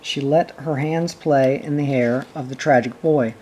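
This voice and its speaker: A man reading a classic storybook aloud, calm and measured in his delivery. His voice is dark and mellow, with an even, unhurried flow. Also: mid-range voice, low-quality recording. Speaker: reader. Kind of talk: audiobook narration.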